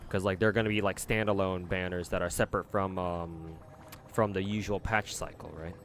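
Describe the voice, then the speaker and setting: A man's voice: deep voice, fairly even intonation, moderate pace, slight background noise. A man streaming live, chatting casually to his viewers and rambling with many fillers.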